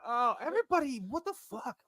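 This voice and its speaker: Bright, lively man, mock-indignant. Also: extremely high pitch, fairly quick, dry recording, studio quality. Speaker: podcast co-host. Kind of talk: casual banter.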